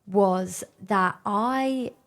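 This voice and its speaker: Woman in her 30s, solo podcast host, casual and upbeat, creaky texture, recorded outdoors. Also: medium pitch, drawn-out words. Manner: chatty and upbeat, lots of fillers. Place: outdoors on a hot, windy day.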